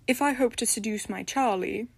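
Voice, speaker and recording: A woman's voice: on the high side, moderate pace, creaky, breathy edge, dry recording. A woman voicing the prim, haughty spirit of an old-fashioned lady from a bog body, speaking with formal, peevish diction in a storybook reading. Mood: derisive.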